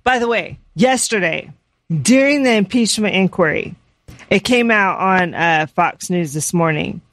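A co-host on a political talk show makes points in an earnest, opinionated, steady way, with a mid-range voice. The sound is close and dry. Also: mid-range voice, measured pace, no room sound.

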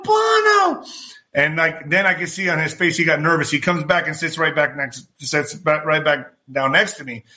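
A man hosting a podcast, telling a story casually and acting out the dialogue, with frequent swearing. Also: fairly high pitch. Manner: animated, swears freely, acts out quoted dialogue. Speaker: podcast host.

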